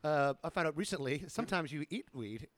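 A young man co-hosting a casual podcast, tossing out quick jokes and laughing along as he tells his own stories. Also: fairly high pitch, expressive, no echo. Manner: quick banter, jokey asides, laughs along. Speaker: podcast co-host. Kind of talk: casual chat.

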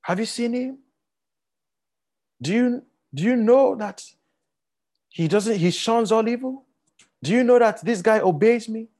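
A man's voice: very high voice, a little slow, long pauses, a little mellow, voice pushed up. A man voicing God in a raised, boastful questioning voice. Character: God, a proud, playful male deity.

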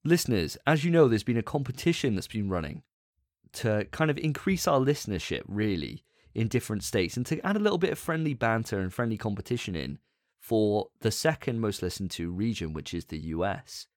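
A man hosting a podcast in casual chat, animated and often laughing. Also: fairly low pitch, no echo, clean studio sound. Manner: animated, laughing, quick asides. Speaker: podcast host.

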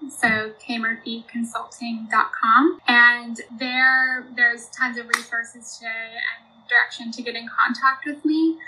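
Podcast guest: young American woman, faint Australian tinge, earnest and filler-heavy, bright tone, slightly high. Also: gravelly, slight background noise, low-quality recording. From United States. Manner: earnest, many fillers like "you know" and "um". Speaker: business consultant guest. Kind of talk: podcast interview.

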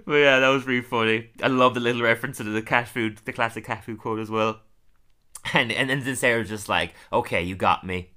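A chatty male podcast host recapping a cartoon episode in relaxed talk. He laughs often and slips into quoted lines. His voice has a bright, sharp tone at an ordinary pitch. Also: a little fast, smooth.

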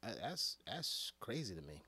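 Animated, laughing man ranting. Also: fairly low pitch, normal speed, husky. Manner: animated, laughing often, swinging loud to quiet. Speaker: comedic commentator. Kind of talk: casual comedic rant.

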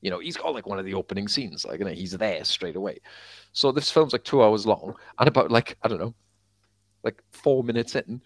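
A man co-hosting a casual podcast, an animated storyteller who fills his talk with "like" and acts out quotes. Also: lowish voice, a little fast. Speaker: podcast co-host. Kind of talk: casual chat.

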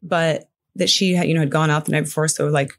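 A middle-aged woman talking as a podcast guest, in a halting way full of "you know" fillers. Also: deep voice, fairly even intonation. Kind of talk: conversational interview.

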